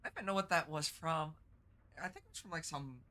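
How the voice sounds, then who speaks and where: A woman streamer in casual live-stream chat, teary and congested from crying, halting and stumbling over her words. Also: sits low, pushed and bright.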